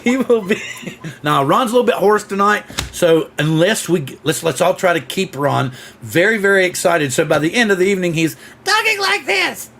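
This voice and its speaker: A man's voice: sits high, animated, moderate pace, fairly bright tone, slight background noise. A man hosting a casual livestream, chatting and rambling as he greets viewers by name. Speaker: host.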